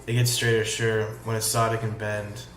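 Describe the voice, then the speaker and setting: A man with a lowish voice reads a chat log aloud at normal speed in a casual way, delivering lines flatly and adding sarcastic, profane comments. The room is echoey, with faint music in the background.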